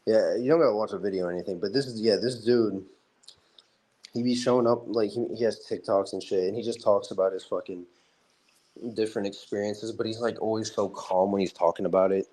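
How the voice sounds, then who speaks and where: A young man with a somewhat low voice, rambling through a casual podcast chat. He swears freely, laughs often and piles on fillers. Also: steady tone, a little fast, mellow. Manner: loose, profane, laughs often, lots of filler. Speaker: podcast co-host.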